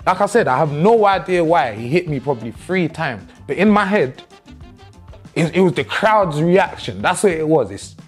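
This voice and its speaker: A man, telling the story of his own boxing match in a slangy, animated, self-mocking way. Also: on the high side, normal speed, slightly rough, faint music behind. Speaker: boxer reviewing his own fight. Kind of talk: casual storytelling commentary.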